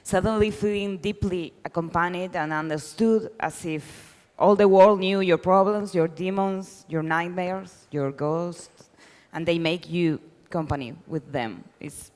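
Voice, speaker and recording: Woman interviewer, English, halting phrasing, lowish voice. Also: a little mellow, big-room sound. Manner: halting, searching for words. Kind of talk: live onstage conversation.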